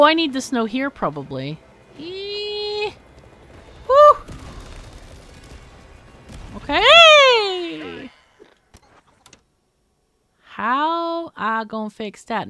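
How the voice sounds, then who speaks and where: A woman's voice: mid-range voice, huge pitch swings, moderate pace, hardly any pauses, fairly bright tone, slight background noise. A woman hosting a let's play, thinking aloud as she works through a puzzle game, muttering and exclaiming. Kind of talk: thinking aloud while gaming.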